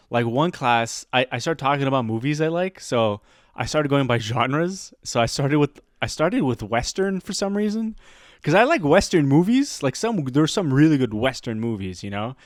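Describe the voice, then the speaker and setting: A man chats on a podcast, spinning a casual story with plenty of laughs and quick impressions of the people in it. His voice sits at an ordinary middle pitch. It is recorded close and dry, with no room sound. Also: dry recording. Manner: animated, laughs often, acts out quoted voices. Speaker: podcast host; teacher.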